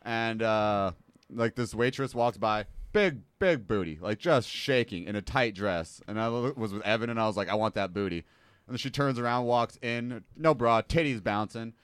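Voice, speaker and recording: A man's voice: on the low side, normal speed, fairly bright tone, clean tone, no room sound. A young man telling a long story in a casual podcast chat, rambling and breaking into laughs. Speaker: podcast guest telling stories.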